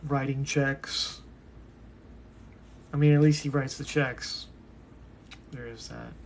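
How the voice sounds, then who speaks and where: A man's voice: mid-range voice, steady tone, slow, gravelly, long pauses, slight background noise. A young man rambling to himself in a casual monologue, drifting from one topic to the next. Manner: musing, talks to himself, drifts between topics.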